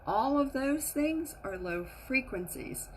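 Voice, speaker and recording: A woman with a slightly high voice teaches in a relaxed, chatty way as a spiritual teacher. She is animated and slips into little acted voices to show what people think. A faint hiss sits under her speech. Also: slow pace, low-quality recording. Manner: animated, acts out inner voices in quotes. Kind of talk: casual teaching talk to a group.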